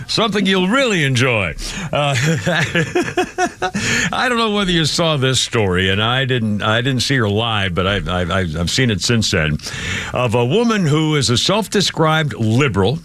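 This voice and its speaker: Older man, bright radio host voice. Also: medium pitch, sing-song, unhurried, no echo. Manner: rambling, full of restarts and chuckles. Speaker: radio talk show host. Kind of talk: casual live radio talk. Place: radio studio. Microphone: studio microphone.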